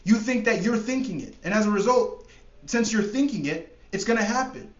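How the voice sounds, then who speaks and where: Man, high voice, emphatic motivational coach, casual swearing, echoey dull-sounding room. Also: expressive, moderate pace. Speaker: trading coach. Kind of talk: motivational monologue.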